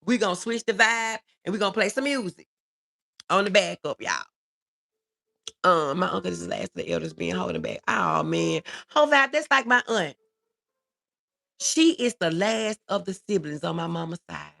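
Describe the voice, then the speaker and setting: Woman, middle-aged, gravelly voice, emotional livestream chat. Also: lowish voice, animated, moderate pace. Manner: warm, reads viewer comments aloud, emotional. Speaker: livestream host.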